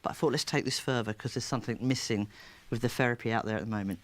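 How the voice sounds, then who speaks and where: A woman, a therapist, telling stories in an interview with a lively, laughing manner. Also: extremely low pitch, rapid-fire. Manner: lively, animated storyteller who laughs often. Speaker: therapist and child coach. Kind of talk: storytelling interview.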